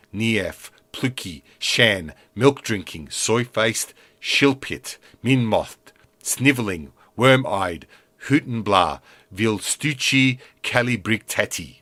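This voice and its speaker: A man's voice: fairly low pitch, sharp tone. A man putting on a burly, belligerent Scotsman with a mock Scottish accent, rattling off a long chain of insults. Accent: put-on Scottish. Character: burly, boastful male Scotsman swordsman. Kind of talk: podcast reading of a character line.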